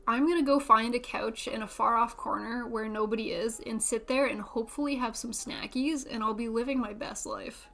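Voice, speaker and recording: A woman's voice: on the high side, steady tone, moderate pace, creaky, hardly any pauses, a bit bright. A young woman streamer chatting casually and self-deprecatingly while building a model kit, laughing often.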